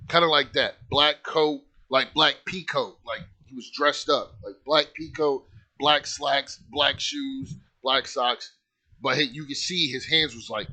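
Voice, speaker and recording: A man's voice: mid-range voice, sharp tone. A man casually telling a personal story, loose and profane, with lots of filler words.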